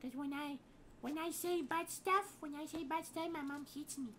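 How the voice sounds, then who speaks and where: A stammering, whiny little boy, squeaking in a very high voice and repeating his words. He calls for his mama and swears he's a grown man. A steady hiss of background noise runs under his voice. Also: normal speed. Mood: childish, whiny. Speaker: game streamer. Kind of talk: comedic gameplay role-play.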